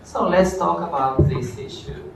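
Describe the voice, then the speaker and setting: Lecturer, slow measured delivery, distant mic in a very echoey classroom. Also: medium pitch, gravelly, very noisy. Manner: explains slowly, checks on students. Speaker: law lecturer. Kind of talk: university lecture.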